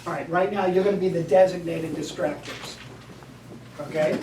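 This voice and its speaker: A woman teacher with a fairly low voice coaches a class through a routine, directing the group step by step. She is recorded from far off in an echoey classroom, with clear background noise around her. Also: steady tone, normal speed. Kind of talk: classroom instruction.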